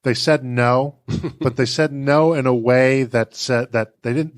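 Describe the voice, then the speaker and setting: A man's voice: mid-range voice, fairly even intonation, unhurried. A man hosting a business interview, thinking aloud and asking a long, friendly question. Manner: thinking aloud, restarts, chuckles. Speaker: podcast host. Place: recording studio.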